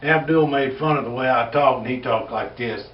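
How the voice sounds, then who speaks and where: A man's voice: medium pitch, normal speed. Rambling drawling Texas man telling jokes. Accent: West Texas. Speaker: comedian. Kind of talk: folksy joke telling. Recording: echoey, distant, dull lo-fi recording with faint hiss.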